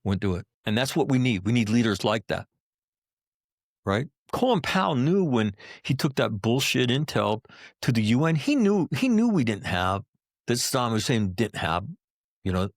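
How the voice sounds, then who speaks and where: A middle-aged American combat veteran speaking bluntly and with profanity as a podcast interview guest. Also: male voice, mid-range voice, no echo, clean studio sound.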